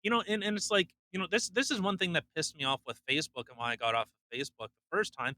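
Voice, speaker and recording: Young guy podcast cohost, high voice, swears a lot, mocks people, super dry sound. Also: quick pace, bright, forceful tone, no echo. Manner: blunt, swearing, mocking impressions. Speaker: podcast co-host. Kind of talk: casual opinionated chat.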